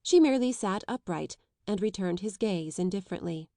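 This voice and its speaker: A woman reading a classic children's novel aloud as an audiobook narrator, in a measured, even storytelling voice. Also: mid-range voice, dry recording, studio quality. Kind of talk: scripted narration.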